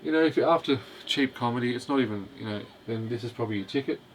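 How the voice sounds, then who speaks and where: A man's voice: medium pitch, fast talker, slight background noise. A man casually reviewing a film, hesitant and rambling, with constant "you know" fillers. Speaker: host of a film review video.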